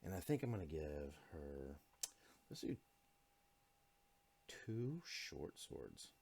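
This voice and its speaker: Deep, slow-talking male artist narrating a live sketch, thinking aloud and critiquing himself. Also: big pitch swings, vocal fry, darkish tone, breathy edge. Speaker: artist drawing a live tutorial. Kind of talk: unscripted drawing commentary.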